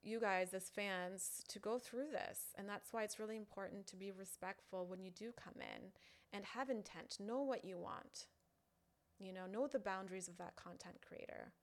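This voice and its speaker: A woman talks straight to her fans in a relaxed, unscripted way. She often pauses and restarts, leaning on little fillers as she explains herself. Her voice sits at an ordinary middle pitch for a woman. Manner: chatty, halting, full of "you know" fillers. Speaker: online content creator. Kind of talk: casual direct-to-camera talk.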